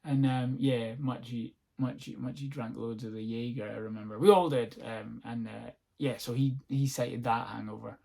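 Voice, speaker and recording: Scottish comic, young, solo home podcast, loose rambling chat, sweary, quick to laugh. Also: male voice, mid-range voice, fairly even intonation, gravelly, dark tone, breathy edge. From north-east Scotland. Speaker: comedian and podcast host. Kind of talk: casual solo podcast monologue. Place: at home on a sofa-bed seat.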